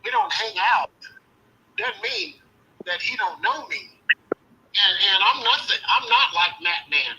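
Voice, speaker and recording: A man's voice: high-pitched, expressive, a little slow, highs cut off, noisy background. A man on a livestream call who argues combatively, trading insults and brushing the others off. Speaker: call-in guest.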